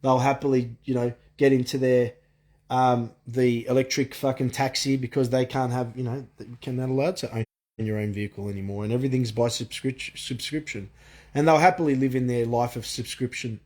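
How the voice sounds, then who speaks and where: A man vents his frustration in a long monologue, swearing often and restarting his sentences. His pitch sits in the middle range for a man. He rants to the camera like a vlogger. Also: steady tone, a little fast, a little mellow. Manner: profane, frustrated ranting with frequent restarts. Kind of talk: ranting monologue.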